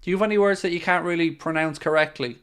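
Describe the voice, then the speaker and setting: Irish male host, watchalong reactions, bursts into play-by-play, voice sits a bit high. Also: fast talker, clean tone. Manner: excitable, jumps into play-by-play shouts. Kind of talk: live match reaction commentary.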